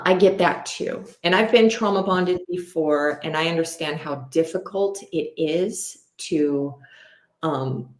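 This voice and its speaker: A woman talking bluntly and casually as a podcast co-host, swearing often and rambling with lots of fillers. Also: on the low side. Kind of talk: candid casual conversation. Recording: roomy echo.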